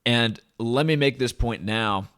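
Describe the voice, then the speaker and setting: A man hosts his own vlog, talking straight into a desk camera. He rambles from point to point with loud, eager enthusiasm. His voice sits at an ordinary middle pitch. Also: unhurried, clear, resonant tone. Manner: rambling, enthusiastic, hype-driven. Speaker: crypto channel host.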